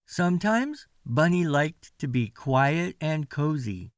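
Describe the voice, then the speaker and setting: A man reading a children's storybook aloud as a bedtime story, slow and sing-song with lots of expression. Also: on the high side, expressive, no room sound, clean studio sound.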